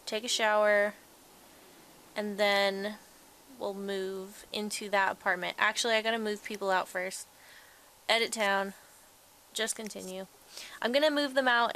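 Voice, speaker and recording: A woman's voice: medium pitch, fairly bright tone, a little hiss or hum. A woman hosting a casual late-night let's play, chatting and rambling to her game characters. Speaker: gaming channel host.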